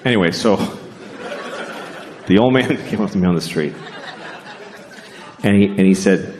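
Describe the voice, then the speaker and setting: A man doing a stand-up comedy set, delivering deadpan and acting out voices. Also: low voice, normal speed, pauses often. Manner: deadpan, acts out voices in quotes. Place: theater stage before a live audience. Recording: live show with crowd noise and laughter.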